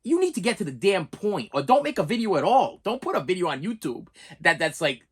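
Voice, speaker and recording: Exasperated vlogger guy ranting, husky voice, all over the place pitch-wise, keeps stammering. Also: big pitch swings, fairly quick. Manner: exasperated, stammering with repeated words. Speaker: YouTube reviewer. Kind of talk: ranting vlog.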